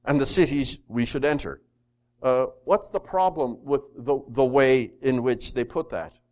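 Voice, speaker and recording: A man with a medium-pitched, unhurried voice teaches Bible study. He is lively, reads scripture out loud and poses questions to those listening.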